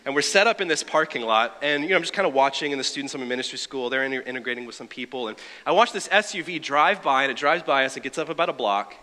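A man delivers a sermon in a bright, forceful voice, chatty and wry rather than formal. His words ring out with a long hall reverb, as if recorded in a big church. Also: mid-range voice. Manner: conversational, wry asides. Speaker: preacher.

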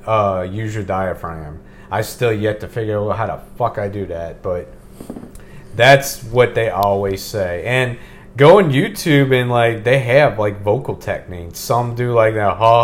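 A middle-aged man hosting a casual podcast, talking in a relaxed, rambling way and swearing now and then. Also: lowish voice. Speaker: podcast host. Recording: faint background hiss.

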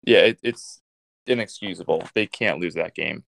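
A man's voice: low-pitched, moderate pace, vocal fry, fairly bright tone. A man co-hosting a casual sports podcast, giving blunt, decisive predictions. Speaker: podcast co-host.

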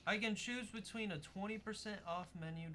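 A man's voice: high-pitched, fairly quick, pushed and bright, slight background noise. A young man in casual chat who talks in a hesitant, stammering way.

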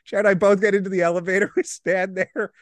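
A young man and podcast co-host, telling a story in casual chat, animated and laughing as he acts out the people in it. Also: high voice, fast talker, no room sound.

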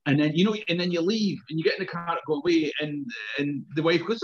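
A man's voice: fairly high pitch, fast, hardly any pauses. Scottish man, storytelling, muffled sound. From Scotland. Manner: anecdotal, laughs often, swears casually. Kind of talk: casual chat.

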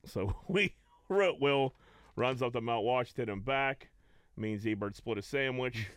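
A man in his thirties from the Pittsburgh area, chatting on a podcast with a smooth, clear voice. He tells loose, rambling stories full of crude jokes. The sound is close and dry. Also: medium pitch, a little slow, no echo. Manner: rambling, laid-back storytelling with crude jokes. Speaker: podcast co-host. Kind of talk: casual chat.

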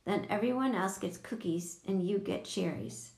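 A woman's voice: mid-range voice, normal speed, gravelly, darkish tone, lightly acted. A woman reading aloud, voicing a bossy young girl who makes demands. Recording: echoey room.

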